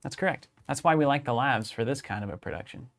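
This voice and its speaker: A man's voice: mid-range voice, fast, fairly bright tone. A man co-hosting a card game live stream, joking and teasing in casual banter on a studio broadcast mic. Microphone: studio broadcast microphone on a boom.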